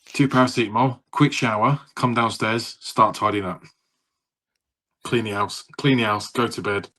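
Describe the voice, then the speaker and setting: A man's voice: lowish voice, steady tone, normal speed, bright, forceful tone. A man in his thirties, co-hosting a podcast, rambling through stories with laughter and swearing. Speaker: podcast co-host. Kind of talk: casual chat.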